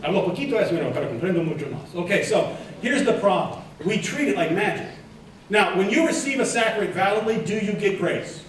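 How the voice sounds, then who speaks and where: Animated man speaking in an echoey hall. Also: high-pitched, a little fast, distant mic, slight background noise. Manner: animated, joking, quizzes the audience. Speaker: keynote speaker. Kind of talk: lively conference keynote talk. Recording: echoey hall, mic set back.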